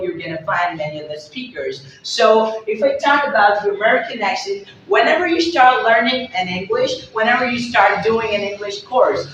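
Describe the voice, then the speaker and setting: A woman from Pakistan explaining English accents to viewers as a teacher, repeating herself and pausing on fillers. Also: mid-range voice, fairly bright tone. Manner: repetitive, explanatory, frequent fillers. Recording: very echoey room, distant mic, dull sound, faint noise.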